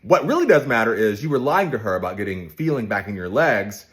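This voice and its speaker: A man's voice: on the low side, sing-song, brisk. A man recapping a daytime soap for his viewers in casual, opinionated commentary, talking straight to them.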